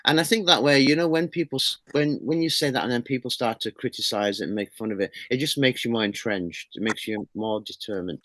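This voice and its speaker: A man's voice: mid-range voice, fairly quick, few pauses, a bit bright, dry recording. A middle-aged man, a horror magazine publisher, chatting as an interview guest with an enthusiastic, rambling manner and frequent restarts. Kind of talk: casual interview chat.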